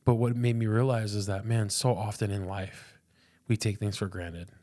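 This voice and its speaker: A man's voice: lowish voice, level tone, normal speed, mellow. A young man and pastor, a podcast guest, telling a personal faith story in an earnest, casual way, often repeating words and saying "dude".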